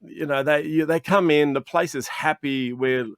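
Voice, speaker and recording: A man's voice: fairly high pitch, normal speed, smooth, no room sound, studio quality. An Australian man, a chocolatier guest in a video interview, telling stories eagerly and acting out chats with customers. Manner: animated, acts out customer exchanges, frequent restarts. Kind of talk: enthusiastic storytelling in an interview. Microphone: video call.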